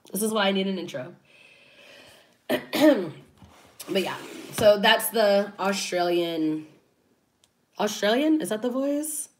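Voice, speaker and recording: Slow, animated woman doing casual commentary. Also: mid-range voice. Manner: animated, chatty, laughs often. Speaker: commentary YouTuber.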